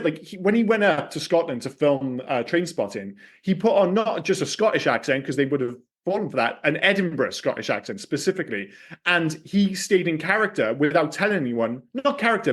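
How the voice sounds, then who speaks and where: Podcast co-host, man, slightly high voice, rambly and sweary, self-correcting. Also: fairly bright tone. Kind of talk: casual film chat.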